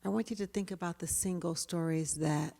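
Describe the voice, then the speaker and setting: Woman presenter, low-ish voice, lively with the audience, reverb of a hall. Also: fairly quick, vocal fry. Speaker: workshop presenter. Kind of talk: interactive talk.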